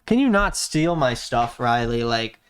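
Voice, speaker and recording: A man hosting a livestream in casual chat, sarcastic and often jumping into high mock-excited tones. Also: a little slow, clean tone. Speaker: streamer hosting.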